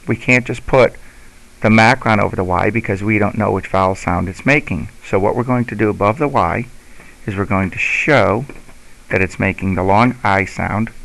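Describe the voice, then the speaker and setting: A man with a low, gravelly voice teaches a lesson. He explains patiently and slowly, step by step, like a teacher guiding parents and students. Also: fairly bright tone, poor audio. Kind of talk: instructional lesson.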